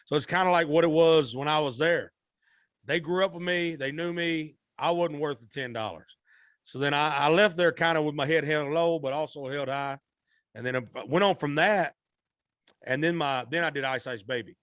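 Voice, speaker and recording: A man's voice: on the high side, moderate pace, fairly bright tone, smooth, dry recording. Folksy man telling a story. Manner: rambling, repeats and restarts, Southern-style folksy speech. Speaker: musician guest. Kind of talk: storytelling in a podcast interview.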